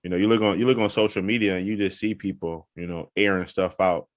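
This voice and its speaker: A man co-hosting a casual podcast, talking quickly and often checking in with "you know what I'm saying". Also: deep voice, steady tone, dry recording, studio quality. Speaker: podcast co-host. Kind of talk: casual chat.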